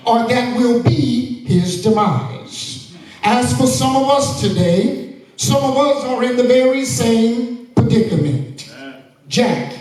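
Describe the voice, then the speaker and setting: Brief: male pastor, very high and lively voice, sermon taped from far off in an echoey church. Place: church sanctuary.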